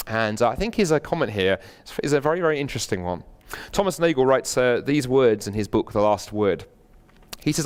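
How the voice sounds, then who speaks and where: A British man giving a university lecture in a packed hall, earnest and animated, with frequent fillers and restarts. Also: mid-range voice, smooth. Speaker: guest lecturer.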